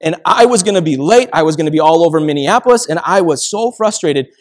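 Storytelling male pastor, fairly high voice. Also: animated, fast. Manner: conversational storytelling with acted quotes. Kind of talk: sermon.

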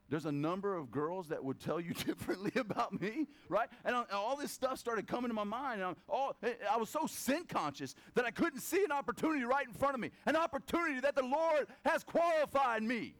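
High-voiced man preaching a lively sermon. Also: moderate pace. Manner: animated storytelling, acts out voices. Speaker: pastor.

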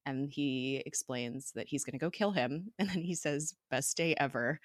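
A woman's voice: low voice, expressive, measured pace, few pauses, no room sound, studio quality. A young woman recapping a TV episode in a casual, chatty way, full of fillers, asides and giggles.

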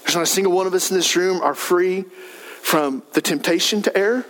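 A pastor preaching a sermon in a church, animated, his voice swelling to shouts for emphasis. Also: high-pitched, brisk. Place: church sanctuary.

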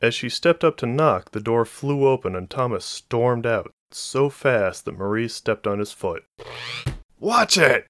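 A man narrating a novel as an audiobook in a steady, even storytelling voice. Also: mid-range voice, unhurried, hardly any pauses, dry recording.

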